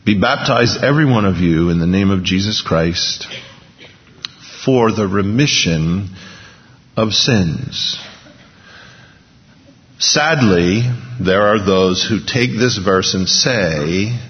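A man preaching a sermon as pastor, with earnest delivery that swings between hushed and emphatic. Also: sits low, lively intonation, slow, pauses often, big-room sound, highs cut off.

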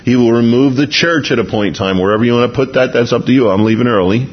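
A man's voice: mid-range voice, quick pace, dull audio. A man preaching an expository sermon in a conversational way, with restarts and small chuckles. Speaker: pastor.

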